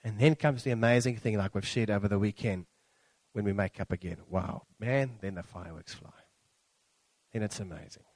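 A middle-aged man preaching a sermon, animated and acting out quotes with big swings in pitch. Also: normal speed, no echo.

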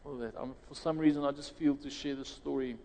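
A South African man preaching in an easy, conversational way, circling back on his phrases and jumping up in pitch when he voices other people. His tone is dark and mellow. A long hall reverb trails behind every word. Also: fairly even intonation, fairly quick, slight background noise. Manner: conversational, restarts phrases, rises sharply when quoting others. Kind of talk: sermon with closing prayer.

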